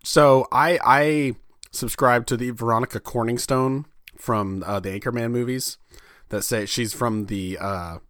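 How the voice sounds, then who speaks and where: A man's voice: medium pitch, steady tone, a little slow, a bit bright, clear, resonant tone, no echo, studio quality. A man co-hosting a podcast who talks in a wry, explanatory way in casual conversation. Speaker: podcast co-host.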